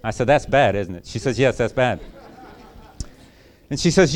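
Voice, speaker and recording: A man's voice: mid-range voice, lively intonation, normal speed. Folksy man preaching with a personal story. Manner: storytelling, repetitive and folksy, building to emphatic preaching.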